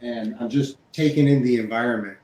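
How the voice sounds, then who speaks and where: A man playing a character in a tabletop game, speaking slowly and haltingly. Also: medium pitch, steady tone, dark tone. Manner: slow and halting. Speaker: player. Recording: echoey room, far from the mic.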